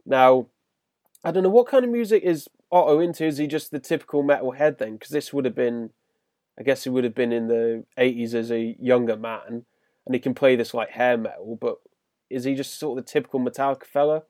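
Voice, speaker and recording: A man's voice: mid-range voice, a little fast, a little mellow, dry recording, studio quality. British man recapping and asking questions. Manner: leads the talk, recaps scenes and asks questions. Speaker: podcast host. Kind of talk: casual chat.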